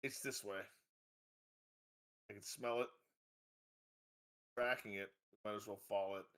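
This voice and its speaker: Man player, eager quick talk, bright edge. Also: fairly low pitch, fairly even intonation. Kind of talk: casual tabletop game play.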